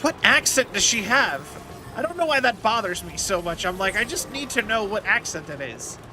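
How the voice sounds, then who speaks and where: Bright, high-voiced rambling male streamer. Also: very animated, moderate pace, soft background music. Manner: rambling, thinks aloud with many fillers. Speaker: game streamer. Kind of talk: casual gaming stream commentary.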